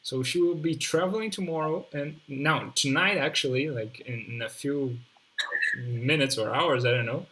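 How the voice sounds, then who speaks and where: Bright-voiced man hosting a live session. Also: medium pitch, normal speed, low-quality recording. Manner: hesitant, restarts, warm back-channel "mm-hmm". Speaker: host of a live English session. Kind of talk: casual live-stream hosting.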